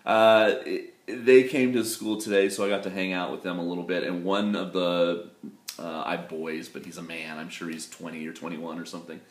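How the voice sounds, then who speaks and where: Laid-back guy, lower register, meandering self-deprecating vlog talk, recorded in a roomy space. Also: little pitch movement, normal speed. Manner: rambling, loose, full of "you know" fillers and self-deprecating asides. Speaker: English teacher living in Japan. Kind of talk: casual chat to camera. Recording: roomy echo.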